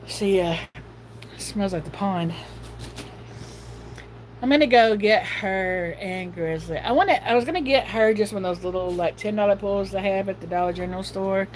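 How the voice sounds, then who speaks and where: A woman's voice: mid-range voice, moderate pace, slight background noise, low-quality recording. A middle-aged woman hosting a casual livestream, talking in a chatty, folksy, rambling way. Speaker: livestream host.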